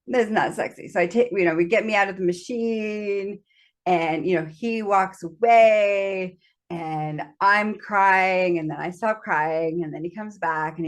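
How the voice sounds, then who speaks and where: A woman host telling a candid personal story, frank about sex, laughing often and acting out her own panic in quoted asides. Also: on the low side. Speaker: podcast host.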